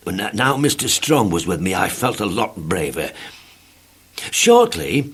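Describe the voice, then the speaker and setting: A middle-aged man reading a children's story aloud with a lively, expressive manner. His voice rises and falls a lot. It has a gravelly, husky grain. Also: low-pitched, measured pace. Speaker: narrator.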